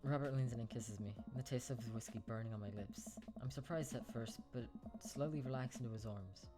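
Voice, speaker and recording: Guy streamer reading a dating game out loud, playful, music going behind. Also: mid-range voice, a little fast.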